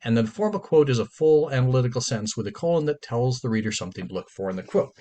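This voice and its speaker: A man's voice: mid-range voice, expressive, rapid-fire, mellow. Emphatic male writing teacher lecturing. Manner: emphatic, conversational, stresses key points and repeats them.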